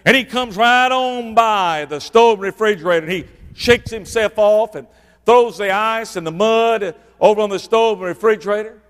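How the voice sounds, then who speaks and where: A middle-aged man, preaching a sermon and swinging between loud bursts and hushed, low lines for emphasis. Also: normal speed, clean tone. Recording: echoey hall reverb.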